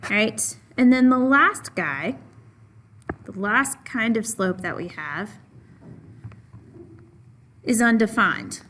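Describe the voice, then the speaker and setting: A woman's voice: on the high side, animated, slow pace, pauses often, fairly bright tone, a little hiss or hum. A woman teaching a math lesson, patiently stressing and repeating key points and answering her own questions for the class. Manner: asks questions of the class and answers them herself.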